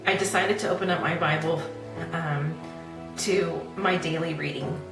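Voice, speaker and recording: A woman host sharing a personal faith testimony in an earnest, heartfelt way, pausing and restarting as she tells it. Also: low-pitched, fairly even intonation, gravelly. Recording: echoey, a little distant, music behind.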